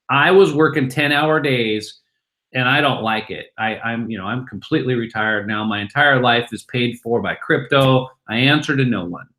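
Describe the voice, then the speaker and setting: A middle-aged man, a guest from a crypto company, talking excitedly in an interview and acting out snippets of conversation. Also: mid-range voice. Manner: excited, acts out bar chatter in voices. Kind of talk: animated interview talk.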